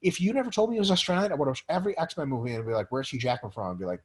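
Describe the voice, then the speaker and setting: A man co-hosting a casual talk webinar, excitable and profane as he chats and answers listener questions. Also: fairly high pitch, very fast. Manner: profane, excitable, lots of swearing. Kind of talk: casual chat.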